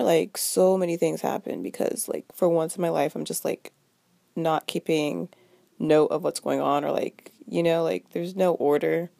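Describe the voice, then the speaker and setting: Young woman in her twenties, vlogger; stuffy from a cold, gravelly and mellow, casual storytime delivery. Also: fairly low pitch, no room sound. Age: 20s. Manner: chatty, lots of "like". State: stuffy, a little sick.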